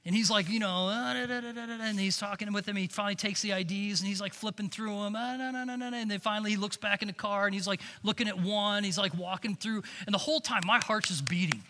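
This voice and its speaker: A man delivers a storytelling sermon in a high, very bright voice. He drops to hushed lines and then rises to loud, emphatic peaks. The sound carries a long reverb from a large hall. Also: fairly even intonation, quick pace, hardly any pauses, slight background noise. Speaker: camp director and preacher.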